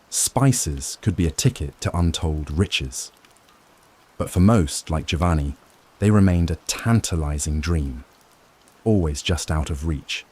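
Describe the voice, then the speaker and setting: Male sleep-story narrator with a very low voice; calm, soothing, measured scripted history reading.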